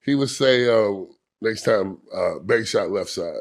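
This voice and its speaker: A man's voice: on the low side, a little slow. A man from Indiana, a former pro basketball player, telling anecdotes as a guest in a casual interview, laughing often. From Indiana, USA. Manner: laughing, animated anecdote-teller.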